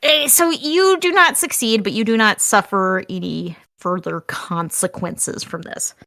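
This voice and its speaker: A woman's voice: mid-range voice, a little slow, vocal fry, sharp tone, no room sound, clean studio sound. A woman running a tabletop game as game master, laying out options step by step in an upbeat way.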